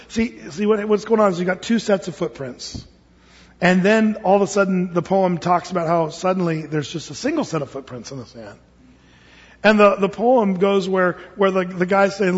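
A man preaching a sermon, telling stories in an animated way, acting out voices, often repeating words as he goes. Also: high voice, normal speed, breathy edge. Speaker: pastor. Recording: dull sound with long hall reverb.

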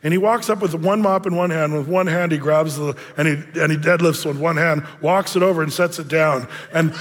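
High-voiced pastor in a reverberant hall. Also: male voice, normal speed, few pauses, slight background noise. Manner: chatty, storytelling, many fillers. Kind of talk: conversational sermon. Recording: long reverb of a large hall.

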